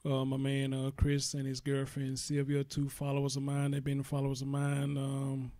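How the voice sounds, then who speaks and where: Man, casual host, flat delivery, dry audio. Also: medium pitch, normal speed, no room sound. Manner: laid-back, many "uh" fillers, even delivery. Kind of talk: casual online interview.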